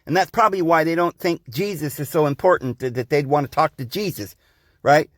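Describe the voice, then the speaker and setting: A man's voice: a little high, a little fast, fairly bright tone, dry recording, studio quality. A man hosting a podcast, delivering a rambling, insistent monologue to his listeners and calling them guys and friends. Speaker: podcast host. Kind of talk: preachy monologue.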